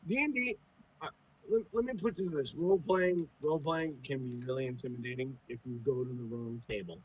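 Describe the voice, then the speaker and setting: A man's voice: medium pitch, fairly quick, a little hiss or hum, rough recording. A man who runs tabletop games, talking in a laid-back, profane way as a podcast guest. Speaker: podcast guest, game master. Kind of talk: casual chat.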